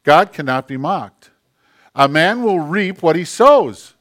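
A man preaching a sermon as a pastor, emphatic and direct, dropping into hushed tones when he voices other people. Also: fairly high pitch, expressive, slow.

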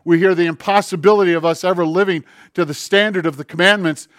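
A man preaching a sermon in an earnest, conversational way, slowing down on key phrases and acting out short bits of dialogue. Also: high voice, steady tone, a bit bright, no room sound, clean studio sound. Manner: acts out dialogue and asides. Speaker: pastor.

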